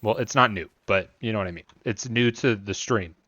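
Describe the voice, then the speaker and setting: A man's voice: on the low side, a little fast, pushed and bright, dry recording. A man streaming a game, rambling in a joking way, answering chat and scolding the monster on screen. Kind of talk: casual live-stream chat while playing.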